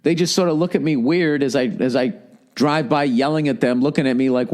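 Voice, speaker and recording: A man hosting his own podcast in a loose, rambling rant. His voice sits at an ordinary middle pitch, and he swears freely. He mocks himself as he goes. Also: fairly quick, darkish tone. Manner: profane, rambling, self-mocking, mimics people in put-on voices. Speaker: podcast host. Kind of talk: casual rant.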